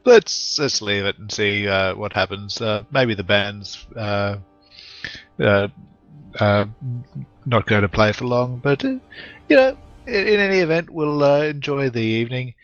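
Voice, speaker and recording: A man's voice: lowish voice, fairly even intonation, a little slow, a bit bright, no room sound, highs cut off, faint music behind. A man playing a tabletop role-playing game, speaking in a mild, hesitant, courteous manner. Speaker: player.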